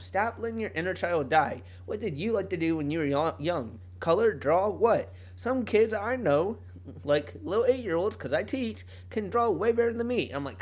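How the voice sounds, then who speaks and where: A man's voice: sits high, expressive, normal speed, a little mellow. A young man hosting a solo podcast, talking casually in a rambling way, often cutting himself off and laughing. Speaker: podcast host. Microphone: home podcast mic.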